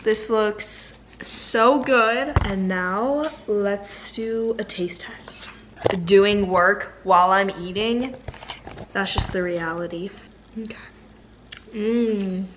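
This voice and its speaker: A woman's voice: medium pitch, extremely slow, noisy background. A teenage girl from Texas chatting casually for her vlog at home, giggly and breaking into song now and then. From Texas, USA. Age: teens. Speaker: vlogger. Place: family home.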